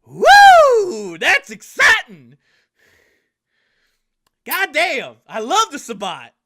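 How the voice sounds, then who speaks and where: A man voicing an excitable old redneck father who whoops and drawls loudly. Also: very high-pitched, brisk, voice pushed up, heavily acted. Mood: overjoyed.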